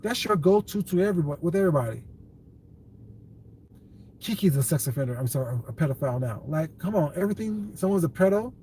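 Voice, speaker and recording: A man's voice: a little high, expressive, fairly quick, dark tone, slight background noise. Blunt, dismissive male livestreamer. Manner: blunt and dismissive, calls viewers baby; laughs often, talks back to chat. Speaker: livestream host reading viewer comments. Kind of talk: casual livestream chat.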